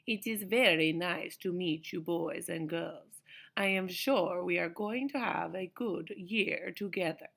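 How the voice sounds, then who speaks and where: A woman's voice: lowish voice, a little slow, creaky, a bit bright, exaggerated voice. A woman voicing a polite new woman teacher with a strange accent, speaking in a formal, precise way in a storybook reading. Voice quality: strange foreign-sounding accent.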